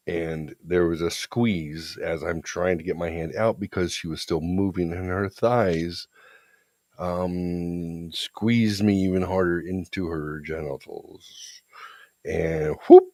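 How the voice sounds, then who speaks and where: A man's voice: deep voice, a little mellow, dry recording. A man co-hosting a podcast, telling a story in a blunt, profane, confident way. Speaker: podcast co-host. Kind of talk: casual storytelling chat.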